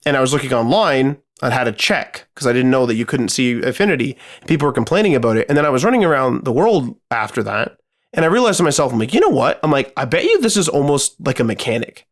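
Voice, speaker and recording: A man's voice: mid-range voice, sing-song, quick pace. A man co-hosting a podcast, telling a gaming story in casual chat, swearing freely and rambling with lots of fillers. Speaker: podcast co-host.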